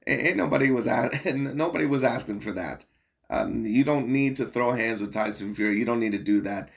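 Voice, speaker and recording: A man's voice: medium pitch, brisk, vocal fry. A man hosting a boxing commentary channel, talking bluntly and profanely in a rambling, casual rant full of fillers.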